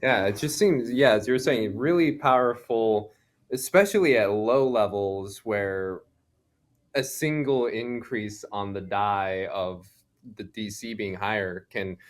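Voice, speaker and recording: A man's voice: on the low side, measured pace. Agreeable male guest commentator. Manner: agreeable, builds on the host's points. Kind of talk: casual game commentary.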